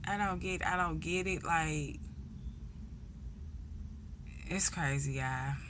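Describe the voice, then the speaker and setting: A young woman with a St. tells blunt, profane stories in a casual vlog monologue, acting out the voices of the people she quotes. Her voice sits low and her pace is slow, with background noise behind her.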